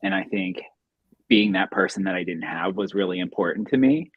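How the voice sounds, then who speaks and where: A man appearing as a drag performer guest, speaking thoughtfully and measured with frequent pauses. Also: low voice, breathy edge, no echo, phone-quality sound. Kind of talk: casual chat.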